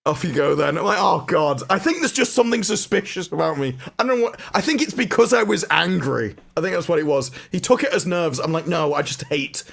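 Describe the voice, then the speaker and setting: A man tells a ranting story in a gravelly, fairly high voice. He sounds exasperated and drops his voice low to mimic airport officials. It is a casual chat among panelists. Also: big pitch swings, fairly quick, few pauses, fairly bright tone. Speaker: panelist on a film talk show.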